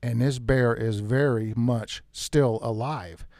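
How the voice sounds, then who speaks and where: A man telling a tense first-person hunting story in a casual, animated way, with some mild swearing. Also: medium pitch, slow pace, dry recording, clean studio sound. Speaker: outdoors storyteller.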